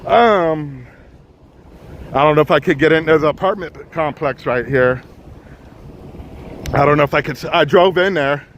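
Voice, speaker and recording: Brief: out-of-breath man, live street news streamer, urgent halting commentary, slightly high voice, faint outdoor noise. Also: dull audio. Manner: urgent, halting, repeats himself. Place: outdoors on a freeway bridge. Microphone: phone.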